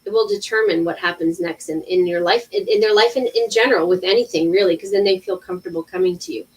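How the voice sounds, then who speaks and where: A woman in her thirties, an intuitive healer talking casually on a livestream, animated, with many restarts. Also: medium pitch, fast, recorded from a distance, poor audio. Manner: animated storytelling with acted-out quotes and many restarts.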